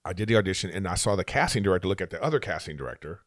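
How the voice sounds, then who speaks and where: A man's voice: deep voice, very fast, dry recording. Man telling stories, dry sound. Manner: animated anecdotes acting out what people said. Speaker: comedian and actor, guest. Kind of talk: casual interview storytelling.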